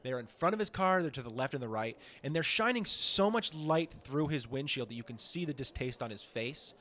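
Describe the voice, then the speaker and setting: A man co-hosting a comedy podcast in casual, rambling chat, swearing often and acting out quotes in a high voice. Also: lively intonation, fairly quick, fairly bright tone. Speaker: podcast co-host.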